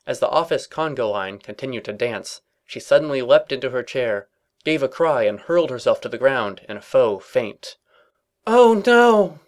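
A man's voice: mid-range voice, moderate pace. Man narrating with dry mock seriousness. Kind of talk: reading comedic fan fiction aloud.

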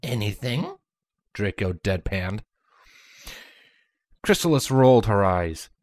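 A woman's voice: a bass voice, expressive, moderate pace, no echo. A woman narrating a fan-fiction story aloud, reading expressively and voicing every character.

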